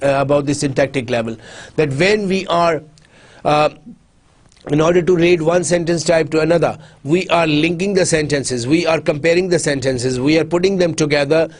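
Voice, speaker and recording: A man with a fairly high voice gives a recorded university lecture. He explains patiently, circling back over the same point and restarting phrases as he goes. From Pakistan. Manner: repetitive, restarts often while explaining.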